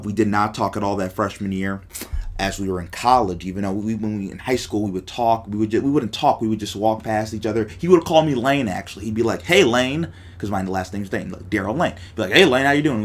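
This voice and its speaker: A young man hosting his own podcast, talking in a rambling, upbeat way with lots of fillers and restarts. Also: lowish voice. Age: young adult. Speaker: podcast host. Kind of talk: casual solo podcast monologue.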